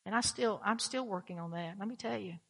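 A woman's voice: medium pitch, a little fast, gravelly, a bit bright, breathy edge, long reverb tail. A woman pastor preaching a blunt, emphatic sermon, often repeating her key phrases.

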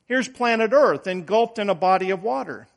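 A man's voice: sits high, lively intonation, moderate pace, creaky. A middle-aged male preacher giving a sermon, telling homey stories and stressing words with emphatic rises. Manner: folksy storytelling, emphatic rises.

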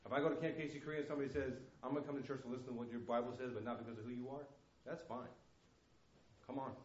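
A man's voice: medium pitch, fairly even intonation, racing, a little mellow. A man preaching a sermon as a missionary, telling stories with passion, acting out voices and repeating words. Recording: echoey room, dull lo-fi sound.

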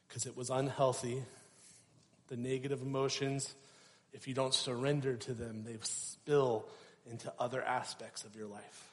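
A man's voice: mid-range voice, fairly even intonation, measured pace. A young male pastor delivers a sermon in a storytelling manner, acting out quoted voices. His mid-range voice rings with a long reverberant tail, as if recorded in a church hall.

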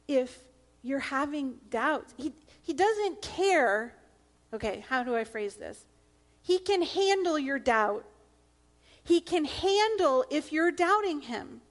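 A woman pastor, middle-aged, delivers a sermon with a high voice. She speaks slowly and earnestly, leaning hard on her points and now and then sinking to a near whisper. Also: expressive. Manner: earnest, emphatic, drops to a hush at times.

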